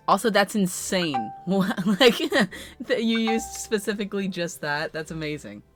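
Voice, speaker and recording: A woman's voice: mid-range voice, animated, slow pace, faint music behind. A woman streamer in casual, playful banter while playing a game, giggling often.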